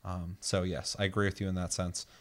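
A man hosting a casual podcast chat, animated and swearing freely as he rants. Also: sits low, a little fast. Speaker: podcast host.

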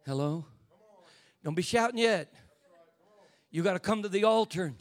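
An older man preaching an impassioned sermon as a bishop, dropping to hushed asides and rising to shouts. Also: high voice, normal speed.

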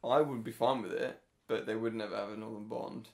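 A man's voice: fairly low pitch, fairly even intonation, fairly quick, creaky. A man co-hosting a podcast in casual chat, rambling and hesitant but playful. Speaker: podcast co-host.

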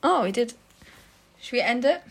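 A woman's voice: fairly high pitch, expressive, normal speed. A young woman chatting casually on a podcast, swearing and laughing often as she acts out what people said. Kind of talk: casual chat.

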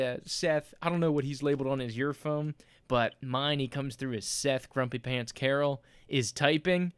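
A man's voice: mid-range voice, clear, resonant tone, no room sound. A man co-hosting a casual chat podcast, rambling through stories and laughing often. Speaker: podcast co-host.

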